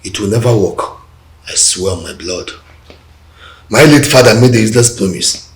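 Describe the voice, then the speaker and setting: Ruthless prince, deep Nigerian voice. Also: male voice, creaky. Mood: bitter. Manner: cold, deliberate scheming. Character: ruthless, ambitious prince, adult man. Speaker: prince plotting for the crown. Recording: roomy echo with faint music.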